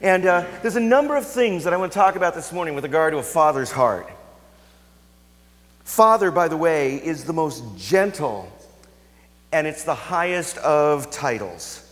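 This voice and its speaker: A man preaching a sermon as a pastor, telling a family story and dropping to hushed, intimate tones for emphasis. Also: fairly high pitch, expressive, normal speed. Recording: long hall reverb.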